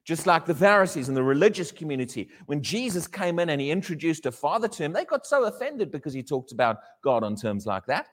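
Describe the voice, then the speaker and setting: A man preaching a sermon to a congregation, animated and questioning his listeners, often acting out little dialogues. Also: on the high side, fast, few pauses, long reverb tail.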